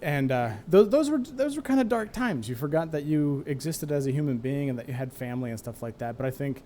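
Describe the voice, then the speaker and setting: A man's voice: fairly high pitch, animated, a little fast, warm tone, slight background noise. A man in his thirties, host of a streamed gaming talk show, talking candidly and rambling about old raid nights. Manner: candid, rambling, self-mocking, laughs easily. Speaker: podcast host and former raid leader.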